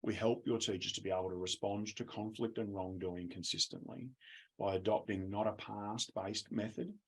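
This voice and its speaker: A man's voice: on the low side, steady tone, moderate pace. An Australian man presenting a webinar, telling a chatty classroom story with laughs, speaking over a video call. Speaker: education presenter.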